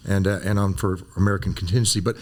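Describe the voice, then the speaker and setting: An older man in his sixties, a former Army medic, telling animated stories in a relaxed conversation and acting out other people's voices. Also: sits low, racing. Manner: animated storyteller, acts out voices. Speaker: guest, former Green Beret physician. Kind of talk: storytelling in a conversation.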